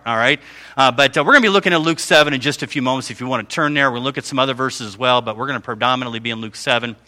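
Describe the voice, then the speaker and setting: A middle-aged man preaching a sermon as a guest speaker, telling a family story and acting out the dialogue in a lively way. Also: on the high side, in a large hall.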